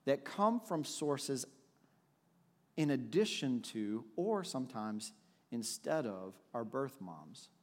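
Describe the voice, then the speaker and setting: Reflective man preaching in an echoey hall. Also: mid-range voice. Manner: reflective, personal, with frequent restarts. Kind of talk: sermon with storytelling.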